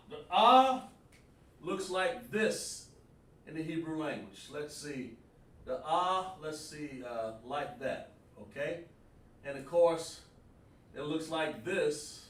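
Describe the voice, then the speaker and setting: Male teacher at a whiteboard, slightly high voice, echoey room, off-mic, coaxes students, sounds out syllables. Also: distant mic. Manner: interactive, calls on students by name and sounds out syllables. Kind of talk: live online class lecture.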